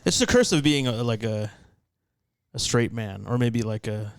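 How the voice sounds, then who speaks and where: A man speaks as a guest in a casual comedic podcast chat. He sounds wry and thoughtful, and his voice often trails off softly. The mic is close and dry. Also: mid-range voice, lively intonation, moderate pace, smooth, no echo.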